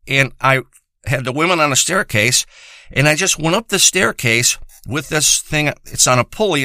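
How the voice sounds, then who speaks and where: A man's voice: medium pitch, sharp tone, dry recording. A man delivering a profane, rambling and boastful comic monologue.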